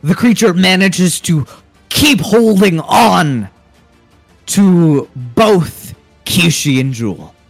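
A man narrating a tabletop game as game master, unhurried and hesitant with fillers. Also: sits high, expressive, no room sound, soft background music.

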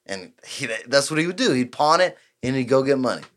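A man's voice: medium pitch, a little fast, few pauses. A man, telling a rowdy story on a podcast and acting out the people in it. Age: 20s. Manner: profane, animated storyteller acting out quotes. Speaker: podcast host. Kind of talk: casual storytelling chat.

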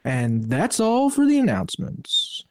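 A man's voice: high voice, huge pitch swings, unhurried. A man co-hosting a podcast, reading announcements in a chatty, joking way over a video call. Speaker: podcast co-host.

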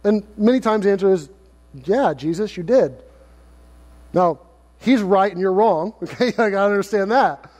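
Male pastor, expressive sermon delivery, high voice, long church reverb. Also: fairly quick. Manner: expressive preaching, acts out quoted lines in lively paraphrase.

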